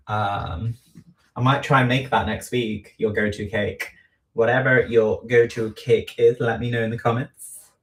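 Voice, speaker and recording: A man chatting casually on a livestream while he frosts a cake at home, rambling and poking fun at himself, with lots of ums. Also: mid-range voice. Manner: slow, rambling, self-deprecating, many ums. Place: home kitchen. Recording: echoey room, voice far from mic.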